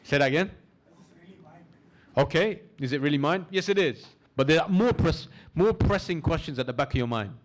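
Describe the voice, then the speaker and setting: A man leading a training course, lecturing a class, asking the audience questions and slowing down for emphasis as he guides them through an imagined scene. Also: on the high side. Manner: lively teaching, asks the audience questions; slows down for emphasis in guided imagery. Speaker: course instructor.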